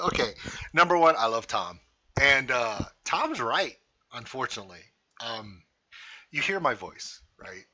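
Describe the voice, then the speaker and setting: A man's voice: medium pitch, animated, slow, pauses often, sharp tone, highs cut off. A man from Louisiana hosting a reaction video, giving emphatic casual commentary with rhetorical questions.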